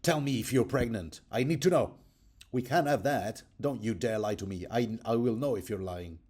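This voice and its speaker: A man's voice: medium pitch, normal speed, darkish tone, husky, natural voice. A man voicing an unstable middle-aged noblewoman who swings from doting to menacing. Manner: cooing then suddenly threatening.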